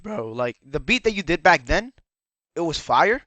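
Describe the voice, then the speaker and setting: A YouTube commentator with a bright, forceful, sing-song voice on the high side rambles at normal speed in a lecturing tone, tagging "all right?" onto his points. His slightly worn voice cracks now and then, and there's no echo.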